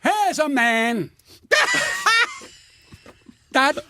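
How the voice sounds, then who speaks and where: A man's voice: very high voice, very animated, very slow, sharp tone, dry recording, studio quality. An older man, a comedian guest, telling stories in an indignant, profane, stammering rant. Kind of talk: ranting storytelling.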